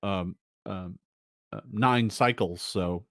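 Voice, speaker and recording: A man voicing a prickly female deep gnome guide who hesitates and restarts often. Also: slow, gravelly, fairly bright tone, dry recording, studio quality, full character voice. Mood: matter-of-fact. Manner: hesitant, full of ums and restarts.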